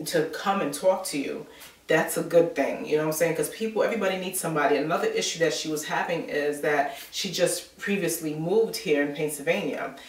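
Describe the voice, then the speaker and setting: A woman's voice: sits low, a little fast. Chatty New woman in a roomy space. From New York. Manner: chatty storyteller, many filler words. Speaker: vlogger. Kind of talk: casual chat. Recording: roomy sound from a distant mic.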